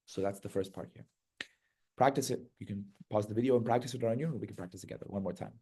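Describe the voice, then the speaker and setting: A man teaching a hymn chant step by step, singing short syllable phrases between quiet explanations and often checking in with "right?". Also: lowish voice, fast talker, breathy edge. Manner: patient, checks in with "right?" and "okay?".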